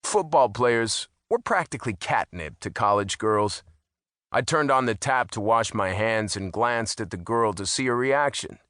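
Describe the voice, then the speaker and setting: A man's voice: medium pitch, animated, measured pace, fairly bright tone, no room sound. A man narrating a first-person audiobook in a wry, amused manner on a close studio mic.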